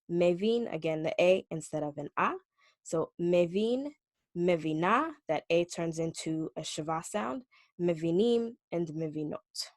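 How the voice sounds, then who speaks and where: Woman language teacher with a lowish voice and a dry close sound, patient and clear, drawing out example words. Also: no room sound. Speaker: Hebrew teacher. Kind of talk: online language lesson.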